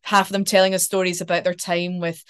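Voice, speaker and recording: Animated woman telling stories. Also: fairly low pitch, fast talker, smooth. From Scotland. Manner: animated storyteller, casual swearing. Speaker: actor, podcast guest. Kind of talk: casual interview chat.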